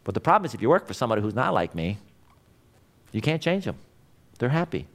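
A middle-aged man giving a blunt motivational lecture to a class, emphatic and swinging between loud and quiet. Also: mid-range voice, big pitch swings, fast. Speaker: class instructor. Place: classroom with students.

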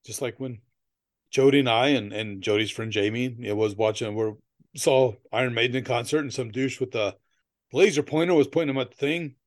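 A man's voice: mid-range voice, a little fast. A man co-hosting a podcast in casual chat, telling stories in a rambling way, laughing often and swearing casually. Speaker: podcast co-host.

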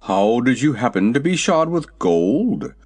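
A man voicing a boastful old male cab horse in a storybook, slow, loud and pompous. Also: medium pitch, sing-song, husky. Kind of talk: storybook character voice.

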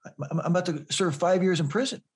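A man's voice: sits high, quick pace. A man in an interview telling a personal story earnestly, often repeating words as he builds toward the point. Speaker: guest.

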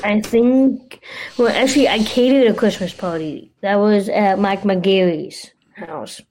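A woman's voice: mid-range voice, a little slow, darkish tone, a little hiss or hum, rough recording. A woman co-hosting a casual podcast, answering questions hesitantly with plenty of fillers. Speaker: podcast co-host.

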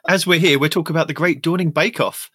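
British guy hosting a game podcast, slightly high voice, dry close sound, reads stuff out and cracks jokes. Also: fast, fairly bright tone, breathy edge, dry recording. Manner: reads news items out, joking asides. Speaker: podcast host. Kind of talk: casual gaming podcast chat.

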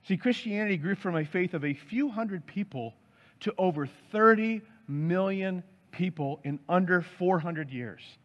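Pastor, man, slightly high voice, emphatic sermon delivery, muffled audio with long hall echo. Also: expressive, unhurried. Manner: emphatic preaching with piled-up word lists. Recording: dull sound with long hall reverb.

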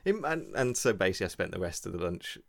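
A young man co-hosting a podcast, chatting casually and telling an animated story, laughing often. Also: deep voice, fast, gravelly, no room sound, studio quality. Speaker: podcast co-host. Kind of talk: casual chat.

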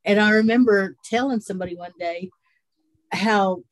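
A woman with a Southern Appalachian mountain accent and a mid-range voice, telling stories in a slow, rambling way. The recording is dry and close, with no room sound. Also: mid-range voice, no echo. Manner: unhurried, rambling storyteller with frequent laughs. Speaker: podcast co-host. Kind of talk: casual chat.

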